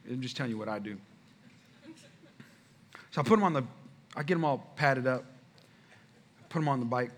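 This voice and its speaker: A man, a father of five, preaching a sermon with animated storytelling, talking straight to the congregation. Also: medium pitch. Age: adult father. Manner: animated storytelling, addresses the crowd. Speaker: pastor.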